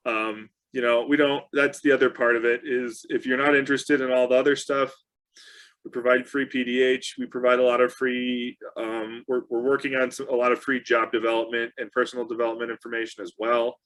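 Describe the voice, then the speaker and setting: Co-host, male, mid-pitched, loose conversational delivery with lots of fillers. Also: fairly quick. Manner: relaxed, chatty, many fillers and restarts. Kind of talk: casual technical discussion.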